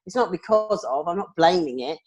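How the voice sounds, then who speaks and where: A woman's voice: fairly low pitch, expressive, brisk, darkish tone, slightly rough. A woman co-hosting a podcast in casual chat, talking candidly and reflectively and laughing often. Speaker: podcast co-host.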